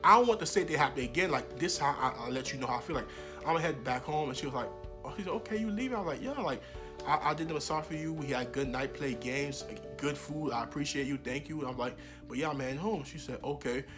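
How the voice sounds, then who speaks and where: A young man telling a casual storytime monologue, animated, with laughing and loud outbursts. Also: mid-range voice, quick pace. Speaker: vlogger. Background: background music.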